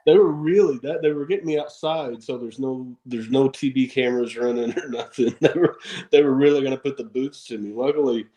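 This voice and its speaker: A man, a wrestler guest on a podcast, telling stories in an animated way, acting out quotes and laughing often. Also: mid-range voice, brisk, rough recording. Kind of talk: casual storytelling interview.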